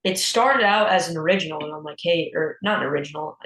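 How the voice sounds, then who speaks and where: A man's voice: on the high side, quick pace. Teenage boy, roomy call audio. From United States. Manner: relaxed, chatty, with repeated restarts. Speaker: young blues guitarist, guest. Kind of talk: casual interview chat.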